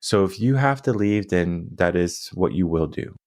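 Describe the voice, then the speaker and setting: A man voicing a calm, firm old monk. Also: sits low, normal speed, dry recording, studio quality. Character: calm wise male monk teacher.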